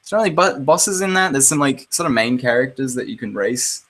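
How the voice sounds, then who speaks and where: A man's voice: mid-range voice, animated, brisk, fairly bright tone, low-quality recording. Sarcastic, swearing podcast co-host man. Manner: sarcastic, swears freely, laughs often. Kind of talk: casual chat.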